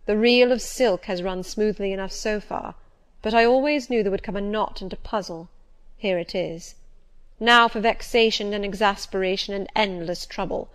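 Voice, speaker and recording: A passionate, agitated gentleman from an audiobook, pleading and insisting loudly, as a woman reader puts him on. His delivery is vehement and pressing, a little higher and louder than the calm narration around it. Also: moderate pace, close to an everyday voice. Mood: vexed. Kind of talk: audiobook character voice.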